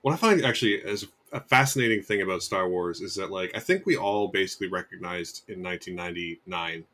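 A man's voice: low voice, fast talker, fairly bright tone. A man hosting a podcast in casual chat, rambling and wry, often restarting his sentences. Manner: rambling, self-correcting, wry. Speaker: podcast host.

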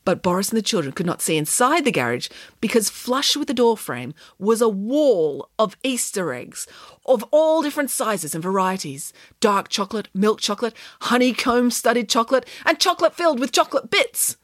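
A woman narrating a children's story audiobook in an expressive, animated way. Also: medium pitch, moderate pace, no echo, studio quality.

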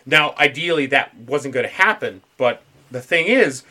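A man's voice: medium pitch, normal speed. A man hosting a casual podcast, telling a story with lots of swearing and laughter. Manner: profane, laughs a lot, animated storytelling. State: dry mouth. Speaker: podcast host. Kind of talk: casual conspiracy podcast chat.

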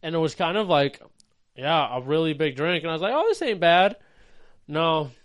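A man's voice: on the high side, a little fast, a bit bright. A man co-hosting a podcast, chatting casually and playfully, telling stories and acting out little sounds. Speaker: podcast co-host. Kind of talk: casual crude podcast banter.

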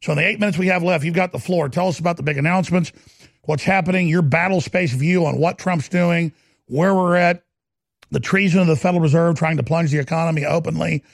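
Gravelly fast-talking radio host. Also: male voice, a little high, fairly even intonation, no room sound. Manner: rapid, gruff, emphatic. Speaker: radio talk show host. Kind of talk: talk radio.

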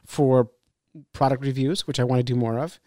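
A man co-hosting a fishing podcast, a laughing, animated storyteller in casual chat. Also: medium pitch, normal speed, no echo, studio quality. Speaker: podcast co-host and fishing guide.

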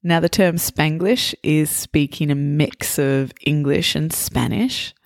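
A woman hosting a podcast, speaking clearly and deliberately in a teacher voice for language learners. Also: deep voice, dry recording, studio quality. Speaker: podcast host. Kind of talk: casual interview, slow teacher voice.

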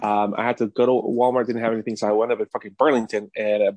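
A man co-hosting a casual podcast, telling stories in a profane, animated way. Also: on the low side, fast talker, no echo. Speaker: podcast co-host.

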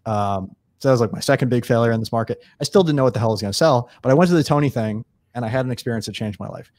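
A man from New York State, a guest in a casual interview, telling stories quickly and acting out what people said. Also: mid-range voice. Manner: fast, animated storyteller acting out dialogue.

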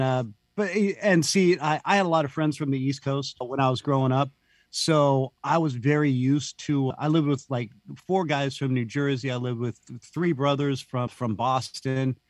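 A man chats on a podcast in a loose, rambling way, laughing often and tossing in "dude." His voice sits at an ordinary middle pitch. It is recorded close and dry, with no room sound. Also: dry recording. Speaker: podcast guest. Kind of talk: casual podcast chat.

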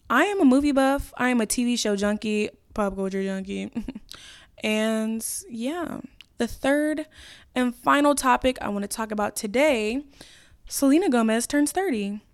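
Chatty young woman with a smooth voice. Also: mid-range voice. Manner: chatty and gushing, swears casually. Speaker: podcast host. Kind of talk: casual solo podcast chat.

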